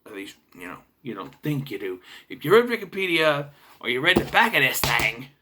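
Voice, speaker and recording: A young adult man casually reviewing a movie, chatty and sarcastic, sometimes clearing his throat. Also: mid-range voice, big pitch swings, brisk, background noise.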